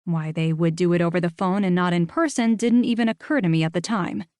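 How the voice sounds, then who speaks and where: Woman narrator, mid pitch, wry first-person reading, dry studio sound. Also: a little fast, a little mellow, no room sound. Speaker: audiobook narrator.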